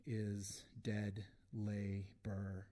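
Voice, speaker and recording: Man, live poetry reading, very slow, deep-ish voice, dramatic pauses. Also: monotone, mellow. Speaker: poet. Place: concert hall at a live event.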